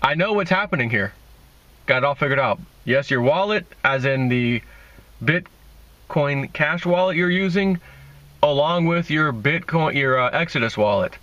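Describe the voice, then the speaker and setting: Sarcastic man with a bright, dry voice. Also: fairly high pitch, animated, unhurried, dry recording, lo-fi sound. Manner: sarcastic, mocking, rambling. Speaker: crypto video host. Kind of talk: casual opinion monologue.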